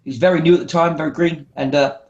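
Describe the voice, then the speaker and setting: A man's voice: a little high, steady tone, fast talker, a little mellow, dull audio. A man in casual podcast chat, telling stories animatedly, swearing freely. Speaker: wrestler guest.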